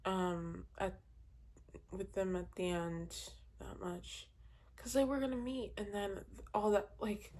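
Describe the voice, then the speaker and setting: A woman's voice: mid-range voice, steady tone, takes it slowly, a little mellow. A young woman chatting casually as a book vlogger, rambling with many fillers and laughs, and easily exasperated. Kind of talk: casual reading wrap-up chat.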